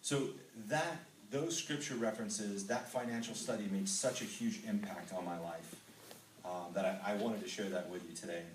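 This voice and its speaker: In a men's ministry gathering, a middle-aged Texan reads from scripture and then earnestly recounts his own story, saying um frequently. His voice sits on the low side and his pace is moderate. The recording is roomy and distant, with a faint hiss or hum.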